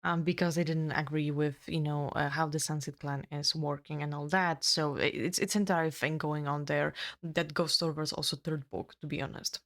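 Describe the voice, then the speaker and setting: Female co-host, low voice, halting plot recap. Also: steady tone, fairly bright tone. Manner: halting, many ums and restarts. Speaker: book reviewer co-host. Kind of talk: casual chat, retelling a plot.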